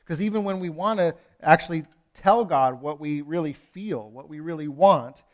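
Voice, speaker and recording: A pastor delivering a sermon in a conversational way, moving from loud emphasis to hushed lines, with playful asides to the congregation. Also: male voice, on the high side, moderate pace. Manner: conversational preaching with wide swings from loud to hushed.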